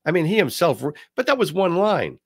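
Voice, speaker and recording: A man hosting a talk show, giving casual political commentary with a swooping, animated delivery and frequent restarts. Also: sits high, normal speed, dry recording, studio quality.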